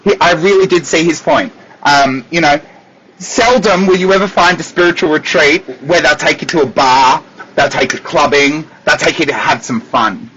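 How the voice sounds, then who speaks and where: An Australian man, a psychic medium, chatting casually with viewers on a livestream from his desk, animated and laughing often. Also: fairly high pitch, normal speed, slight background noise. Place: at a desk at home. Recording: dull lo-fi livestream audio.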